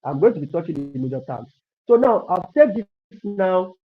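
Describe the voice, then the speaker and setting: There is a little hiss or hum behind this man's high, very animated voice as he teaches web coding live online at a moderate pace. Through dull lo-fi stream sound, he repeats points often, offers encouragement and thinks out loud as he types.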